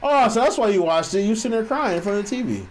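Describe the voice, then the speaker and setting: A man's voice: sits high, expressive, racing. A man co-hosting a podcast in casual chat, laughing and teasing his friends. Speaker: podcast co-host. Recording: noisy room recording.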